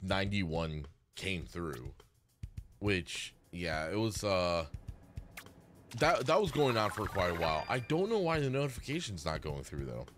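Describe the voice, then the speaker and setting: A man streaming a video game live, excitable and apologetic as he chats with his viewers. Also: medium pitch. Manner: excitable, yelps and laughs during play. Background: game music.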